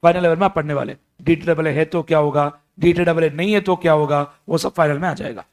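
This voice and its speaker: A man with an Indian English accent teaching a tax lecture, energetic, repeating points and quizzing his students as he goes. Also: a little high, rapid-fire. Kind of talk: classroom lecture. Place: classroom.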